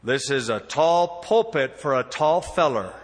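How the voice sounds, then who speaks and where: A pastor doing a folksy old Southern radio preacher. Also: male voice, mid-range voice, expressive, big-room sound. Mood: droll. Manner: slow folksy drawl with a dry wit. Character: elderly male radio Bible teacher, folksy and droll.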